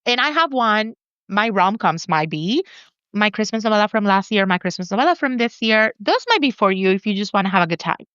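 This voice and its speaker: A woman author chats in a casual interview, animated and self-assured, often breaking into laughter. Her voice sits at a middle pitch and sounds dry and close. The recording is slightly dull and lo-fi. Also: fairly quick, smooth, no room sound. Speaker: author guest.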